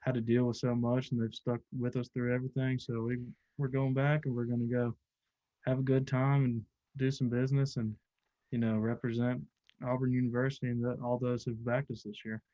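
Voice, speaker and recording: A young man hosts a relaxed podcast chat over a video call, easygoing and upbeat, often filling gaps with "uh". His voice sits at an ordinary pitch for a man. The audio is dull and lo-fi, with a dry sound and no room echo. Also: brisk. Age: young adult. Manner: loose and upbeat, with frequent "uh" fillers. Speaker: podcast host and college angler.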